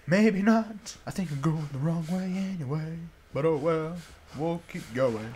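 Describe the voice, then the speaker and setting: A young man commentating a zombie game as he plays, joking around, humming along and yelling in panic when attacked. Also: on the high side, a little slow, a little hiss or hum. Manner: jokey, shouts and yelps in panic, hums along. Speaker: gamer. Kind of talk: let's play commentary.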